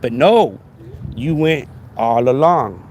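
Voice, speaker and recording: A man's voice: mid-range voice, animated, slow, a little mellow, slight background noise. A man hosting a podcast in a casual monologue, talking emphatically, repeating himself and asking "right?" again and again. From Texas. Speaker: podcast host.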